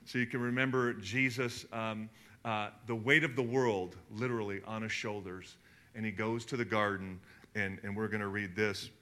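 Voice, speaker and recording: A middle-aged man preaching a sermon as a pastor, conversational and animated, reading scripture aloud between asides. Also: on the low side, moderate pace.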